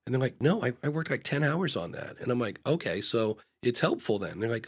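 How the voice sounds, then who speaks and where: Co-hosting a live podcast advice show, this middle-pitched man is very animated and slightly rough. His casual, candid talk is full of fillers and false starts, and he often stages brief back-and-forth scenes between himself and his clients in different voices.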